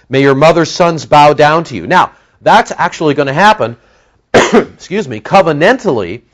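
A man preaching an expository sermon, teaching verse by verse and acting out the characters' voices as he tells the story. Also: a little high. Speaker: pastor.

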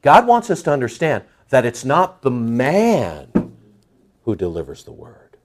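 A middle-aged male pastor preaching a folksy, animated sermon, joking with his congregation and acting out voices. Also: medium pitch, measured pace.

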